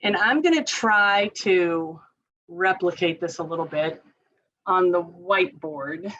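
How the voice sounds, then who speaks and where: A woman's voice: fairly low pitch, slow, a bit bright. A woman occupational therapist giving a casual training talk to parents, chatty and laughing often. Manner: chatty, laughs often, leads group exercises with chanting. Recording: slightly dull lo-fi sound.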